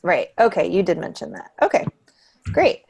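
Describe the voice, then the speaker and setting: A woman's voice: fairly low pitch, very animated, gravelly, darkish tone, a little hiss or hum. A woman leading casual introductions on a video call, chatty and easygoing. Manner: friendly and chatty, quick to laugh. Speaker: meeting facilitator.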